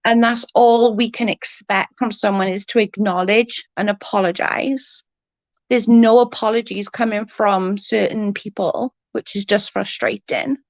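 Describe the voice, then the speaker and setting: A livestream host chats casually, reading viewer comments and bluntly venting about double standards while swearing freely. Her mid-range voice is husky and hoarse from a cold, gravelly and creaky, with a steady tone and a slightly slow pace. She's recorded close up in a dry, dead-sounding space with no room sound.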